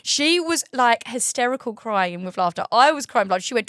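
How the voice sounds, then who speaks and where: A woman, hosting a casual chat and telling stories with lots of giggling and lively energy. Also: a little high, brisk, few pauses, dry recording, studio quality. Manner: giggly animated storytelling. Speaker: host and waxing trainer.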